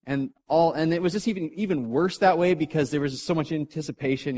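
A middle-aged man preaching to a live audience in a hall, telling a story in a casual, animated way, with jokes and acted voices. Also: on the high side, fairly quick, hardly any pauses. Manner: animated, jokey, acts out characters.

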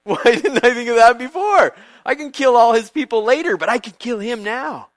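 A man's voice: very high voice, animated, normal speed, no room sound, pitched above the performer's own voice. A man voicing a gloating, scheming biblical villain in a gleeful, over-the-top way while retelling a story.

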